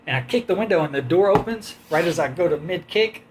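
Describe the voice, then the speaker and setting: Casual male storyteller, slightly high voice, rambling and animated, faint room hum behind. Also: brisk. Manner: rambling, animated anecdote with quoted voices and laughs. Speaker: host telling a story.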